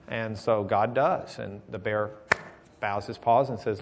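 A man preaching a sermon in a folksy, conversational way, telling jokes and moving between loud emphasis and quiet, intimate passages. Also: on the low side, flat delivery, a little slow.

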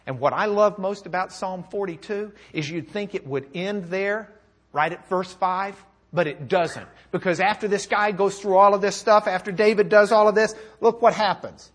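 A man with a fairly high, husky voice preaches a sermon. His pitch swings widely as he reads scripture aloud and pleads with his listeners. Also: animated, normal speed. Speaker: pastor. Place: church or classroom with a document camera.

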